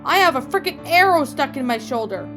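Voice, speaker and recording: A woman's voice: high-pitched, lively intonation, normal speed, music in the background. A woman reading the lines of a hot-headed young man, snapping and cursing in a fan fiction reading. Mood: angry.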